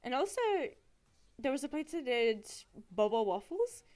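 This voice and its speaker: A woman giving a casual live-stream recap, animated and giggly, with frequent fillers. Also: sits high, normal speed.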